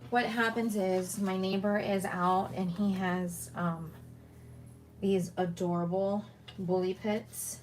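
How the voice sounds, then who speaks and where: A woman talks slowly and chattily through a card-making tutorial, thinking aloud as she measures and tapes. Her voice sits in a middle range. A clear hum of ambient noise runs underneath the recording. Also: mid-range voice. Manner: chatty, talks to herself while working. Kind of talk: casual crafting tutorial.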